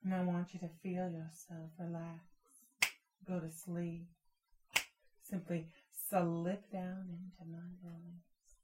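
A woman speaking as a hypnotist in slow hypnotic narration, with a sultry, drawn-out, repetitive cadence. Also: fairly low pitch, little pitch movement, warm tone, slight background noise.

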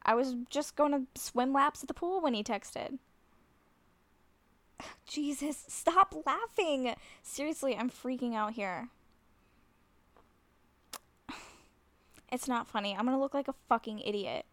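Flustered woman in an audio role-play, nervous and self-conscious, with a fairly high voice and a dry, close sound. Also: normal speed, pauses often, no echo. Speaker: nervous woman talking to a friend on the phone.

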